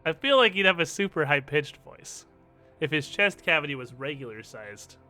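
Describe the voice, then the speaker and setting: With a voice on the high side at a moderate pace, a young man gives casual commentary while streaming a game, cracking jokes and swearing as he reasons through his decisions. Faint music sits in the background.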